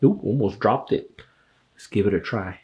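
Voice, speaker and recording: A man's voice: fairly low pitch, dull audio. A man hosting his own barbecue channel, talking casually and enthusiastically to viewers while cooking outdoors at a grill. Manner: slow, relaxed and enthusiastic, addressing viewers as guys. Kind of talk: casual cooking video talk to camera.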